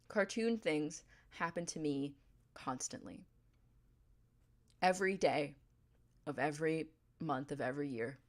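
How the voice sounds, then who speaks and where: Low-voiced streamer woman, dramatic and chatty. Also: measured pace, long pauses. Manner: dramatic mock outrage, chatty with viewers. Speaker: game streamer. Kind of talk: casual livestream chat.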